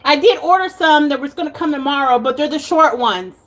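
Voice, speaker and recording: A woman's voice: high voice, animated, fairly quick, a bit bright. A woman with a Texan accent chatting casually in a home cooking vlog, rambling and giggling, cursing now and then. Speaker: vlogger. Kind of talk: casual chat. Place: home kitchen.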